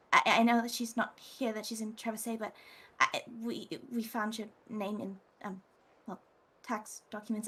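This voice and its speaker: A woman voicing a timid adventurer who stammers and apologizes as she speaks in a slightly husky voice. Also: on the high side, a little mellow, exaggerated voice.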